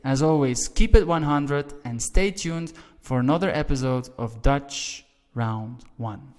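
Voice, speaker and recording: Male online language teacher, mid-pitched, methodical and emphatic, recorded with a long room echo. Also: a little slow, darkish tone, faint music behind. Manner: explains step by step, often checking in with "right?"; stresses key words with sudden lifts in pitch and volume. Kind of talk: video language lesson.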